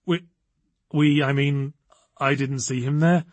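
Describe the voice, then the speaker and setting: A man voicing a cautious, quick-thinking young woman who speaks in a hesitant, reassuring way. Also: mid-range voice, steady tone, no echo, natural voice.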